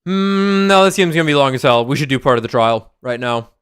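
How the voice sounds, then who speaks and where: A man's voice: mid-range voice, lively intonation, brisk, fairly bright tone, smooth. Rambling man streaming a game. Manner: rambling, swears freely, stammers on restarts. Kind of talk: casual gaming commentary.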